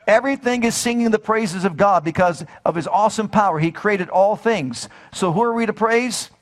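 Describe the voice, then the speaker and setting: A man preaching a sermon with fervor, repeating phrases and putting questions to his listeners. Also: high-pitched. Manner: fervent, repeats phrases, asks the audience questions.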